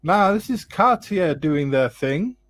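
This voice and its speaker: A man hosting a live watch chat, relaxed and jokey, thinking aloud with plenty of fillers. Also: high-pitched, slow. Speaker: watch show host.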